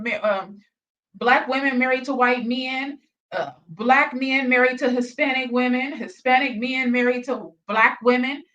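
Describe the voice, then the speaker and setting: A woman's voice: sits high, pushed and bright. A woman hosting a reaction video, challenging and questioning in a repetitive way. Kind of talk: reaction commentary. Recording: dull sound, distant from mic.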